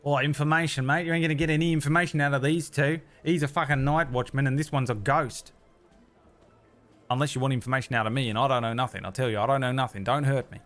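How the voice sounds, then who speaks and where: A man voicing a chatty male halfling sailor, talking in fast nervous patter. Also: mid-range voice, fairly even intonation, fairly bright tone, soft background music, pitched above the performer's own voice, natural voice. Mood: nervous chatter.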